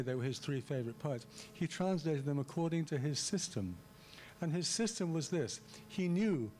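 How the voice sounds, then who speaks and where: A man's voice: medium pitch, a little mellow, slight background noise. A man giving a public lecture on translation, talking in a loose conversational way with frequent restarts and asides. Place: lecture hall.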